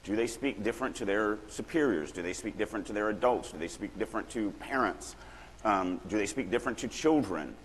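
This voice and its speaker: A middle-aged man from Louisiana giving a lively, joking lecture on writing at a conference, acting out little examples as he goes. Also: fairly low pitch, fairly quick, slight background noise. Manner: animated, joking, acts out examples. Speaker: writing workshop speaker. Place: large conference hall. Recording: long hall reverb.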